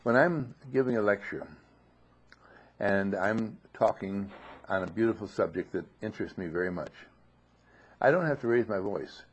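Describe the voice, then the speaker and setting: A man with a somewhat low, husky voice gives an unhurried spoken teaching from a monastery dining room, posing rhetorical questions and telling homely stories. He clears his throat often. The recording is dull and lo-fi. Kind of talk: informal spoken teaching talk.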